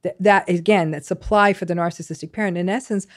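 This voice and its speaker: A woman psychologist guesting on a podcast, explaining calmly and backing her points with examples. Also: on the low side, quick pace.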